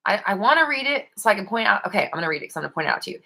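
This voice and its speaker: A woman's voice: medium pitch, expressive, fast talker, bright, forceful tone. A young woman hosting a casual live stream, reading viewer comments aloud and coaching them with playful scolding and frequent laughs. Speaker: host of a live manifesting stream.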